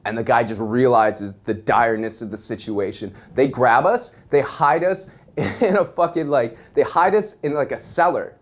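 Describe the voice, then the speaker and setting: A young man telling a wild story in a casual, animated way, swearing constantly. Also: medium pitch, normal speed.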